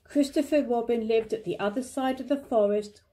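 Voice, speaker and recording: An older woman reading a children's storybook aloud in a slow, careful manner. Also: fairly high pitch, dark tone.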